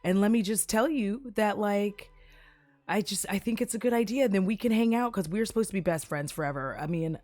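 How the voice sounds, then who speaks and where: A woman voicing an eerily smooth young man who persuades his friend in a drawn-out, pushy way. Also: medium pitch, a little mellow, no echo, natural voice. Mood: persuasive.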